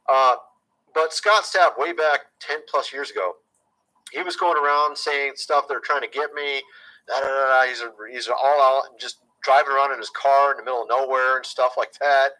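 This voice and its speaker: A man's voice: fairly high pitch, pushed and bright, rough recording. A man talking casually to his viewers as a YouTube commentator, chatty and conspiratorial, often calling them "folks".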